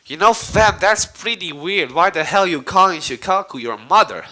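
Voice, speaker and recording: A man's voice: high voice, animated, normal speed, bright, forceful tone, pitched above the performer's own voice. A man voicing a cocky, laid-back young male ninja prodigy who talks in offhand slang.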